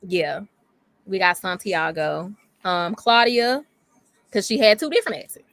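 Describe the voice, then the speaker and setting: A woman's voice: mid-range voice, measured pace, no echo. Chatty woman co-hosting a fan vote. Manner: chatty, animated, lots of fillers. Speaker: co-host. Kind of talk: casual chat, running a fan vote.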